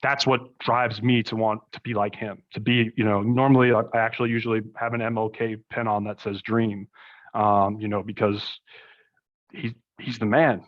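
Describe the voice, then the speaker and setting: A man's voice: lowish voice, flat delivery, moderate pace. Rambling young man telling stories. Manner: rambling storytelling full of fillers and asides. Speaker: podcast guest. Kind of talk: casual conversation. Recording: slightly muffled recording.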